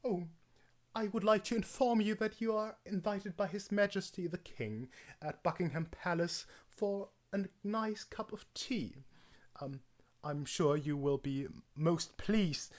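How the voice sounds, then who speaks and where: A pompous, overly formal English gentleman with a plummy, exaggerated posh accent, as a man puts him on. He speaks slowly and stiffly, a little higher than the performer's normal voice.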